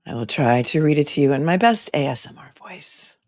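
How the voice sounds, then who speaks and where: A woman's voice: deep voice, lively intonation, fairly quick, a little mellow, dry recording, studio quality. A woman hosting a casual livestream, chatting with viewers and making wry asides while she waits, talking into a phone. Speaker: livestream host. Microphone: phone microphone.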